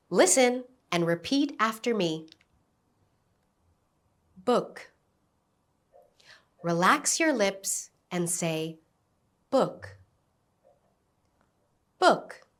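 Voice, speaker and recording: A woman teaching an English lesson, giving slow, carefully enunciated instructions and modelling words for repetition. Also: lowish voice, a bit bright. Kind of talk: slow, clear classroom instruction.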